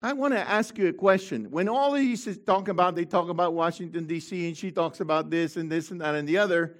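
A middle-aged man preaching a sermon with fervor, dropping to quiet asides and rising to shouted proclamations. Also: sits high, fairly quick.

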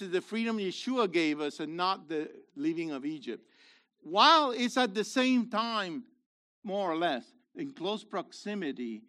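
A man's voice: sits high, a bit bright. A man leading his congregation in a sermon, asking them questions and building to emphatic, rhetorical peaks. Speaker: messianic congregation leader.

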